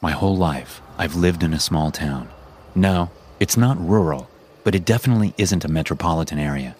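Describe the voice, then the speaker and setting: A man narrating a first-person horror story in a slow, measured, suspenseful way, as the host of his own story channel. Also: low voice, darkish tone, a little hiss or hum.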